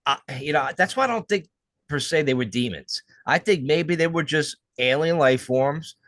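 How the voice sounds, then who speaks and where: A man's voice: fairly high pitch, animated, normal speed, fairly bright tone, dry recording. A young man co-hosting a podcast, musing and speculating in casual chat, swearing freely. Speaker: podcast co-host.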